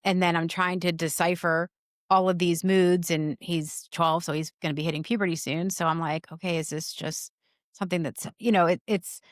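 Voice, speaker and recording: A woman in her forties, a mother talking earnestly in an interview, in quick bursts with many restarts. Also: fairly low pitch, fairly even intonation, no echo, clean studio sound. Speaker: guest, mother. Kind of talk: conversational interview.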